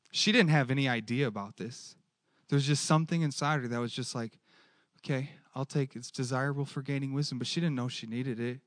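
A male preacher giving a lively sermon and keeping the audience engaged with questions. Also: mid-range voice, no echo. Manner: animated, asks the audience questions.

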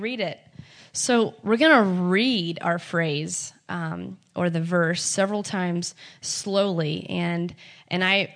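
Encouraging woman teaching Bible meditation. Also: lowish voice. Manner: conversational, encouraging, with frequent ums and restarts.

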